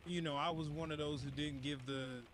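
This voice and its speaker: A man's voice: on the high side, steady tone, fairly quick, a bit bright, slight background noise, close to an everyday voice. A man doing a brash, crude radio DJ. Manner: boisterous, slangy, profane patter. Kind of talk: comedic radio DJ monologue.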